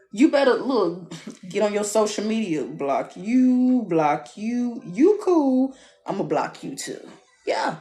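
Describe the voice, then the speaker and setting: Blunt, animated woman, giving a live reading on a phone mic over faint music. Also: fairly high pitch. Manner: blunt, animated advice with playful asides. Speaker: tarot reader. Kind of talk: live-streamed love reading.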